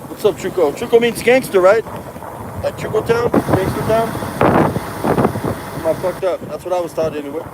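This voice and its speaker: A man's voice: high-pitched, moderate pace, long pauses, heavy background noise. A man chatting on a livestream as a truck driver, rambling and slangy, dropping in Spanish words. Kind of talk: casual livestream chat.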